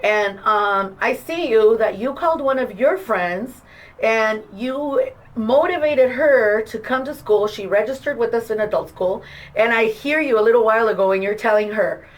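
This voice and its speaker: A woman who works at an adult school, chatting in a casual interview, encouraging and lively as she retells events with quoted dialogue. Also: a little high, normal speed, poor audio. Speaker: adult school staff member.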